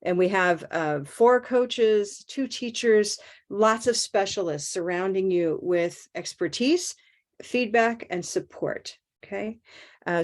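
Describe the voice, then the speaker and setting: A woman teaching an online English pronunciation class, encouraging and checking in with "okay?" as she goes. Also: medium pitch. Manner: warm, checks in with frequent "okay?".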